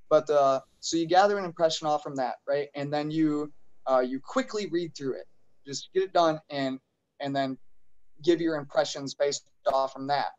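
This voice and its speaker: A man's voice: on the high side, moderate pace, muffled recording. A man taking part as a guest in a casual talk show, thinking aloud with many fillers. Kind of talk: casual chat.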